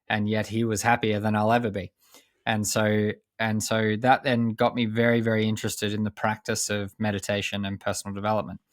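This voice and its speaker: Low-voiced man telling his story earnestly. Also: no room sound, studio quality. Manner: measured and earnest, with frequent pauses and restarts. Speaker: high performance coach, podcast guest. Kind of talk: reflective personal storytelling.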